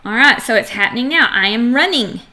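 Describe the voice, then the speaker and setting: A middle-aged woman teaching a phonics lesson to young children, sounding out letters and words clearly and acting out examples with playful energy. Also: on the high side, brisk. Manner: animated and playful, acts out examples.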